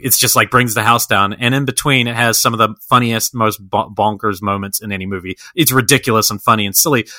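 A man's voice: fairly low pitch, steady tone, fast talker, few pauses, pushed and bright, dry recording. A man co-hosting a podcast in casual film chat. He talks enthusiastically and rambles with lots of fillers and restarts. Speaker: podcast co-host.

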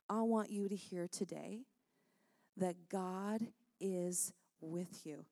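A woman speaking earnestly and warmly in a conversational Christian talk, laughing often as she encourages listeners. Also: on the low side, slow, no echo, studio quality.

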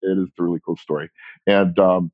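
Husky low-voiced man in his forties. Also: level tone, no echo, narrow, tinny audio. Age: 40s. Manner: rambling, self-deprecating, quick to laugh. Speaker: guest. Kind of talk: casual interview chat.

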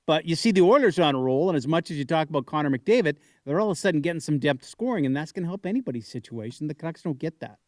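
A man hosting sports talk radio, thinking out loud and asking questions conversationally. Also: a little high, lively intonation, racing, few pauses, dry recording, studio quality. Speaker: radio host.

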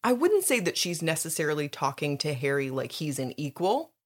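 Woman podcaster, kinda low voice but bouncy, swears, laughs a lot, fired up about the book. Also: big pitch swings, fairly quick. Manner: emphatic, laughs often, swears freely. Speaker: podcast co-host. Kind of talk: casual chat recapping a book.

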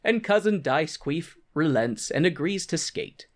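A man recaps a theater production for his co-host in a casual podcast chat. His voice is animated and swings widely in pitch. He jokes and laughs often along the way. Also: normal speed. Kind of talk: casual recap of a stage show.

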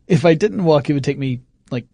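A man's voice: on the high side, a little fast, warm tone, dry recording. A man co-hosting a podcast, chatting casually in a joking, rambling way with restarts. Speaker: podcast co-host. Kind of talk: casual chat.

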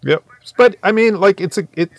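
A man's voice: high-pitched, moderate pace, gravelly. A man co-hosting a podcast in casual chat, dry and teasing, explaining things plainly. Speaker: podcast co-host.

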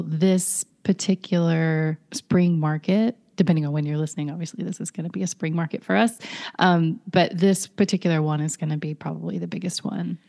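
Middle-aged woman from north carolina, chatty guest, lowish voice, lots of "like". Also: creaky. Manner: chatty, with frequent "like" and "you know" and soft laughs. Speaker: podcast guest, brand story consultant. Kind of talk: casual conversational interview.

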